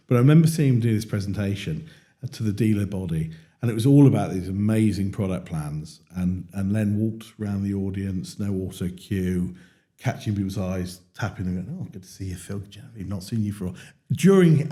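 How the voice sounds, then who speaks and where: A British man hosts a leadership conversation and tells animated stories. He slips into acted-out quotes as he goes. His voice is mellow and dark in tone. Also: on the low side. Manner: animated storyteller, acts out quotes. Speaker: podcast host. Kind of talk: casual conversation.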